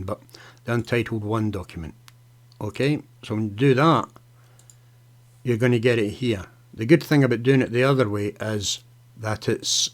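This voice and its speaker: A man hosting a live software tutorial, chatting casually as he clicks through steps, often saying "okay" and "right". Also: mid-range voice. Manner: casual, talks to viewers by name, fillers and okays. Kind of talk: live screen-share tutorial.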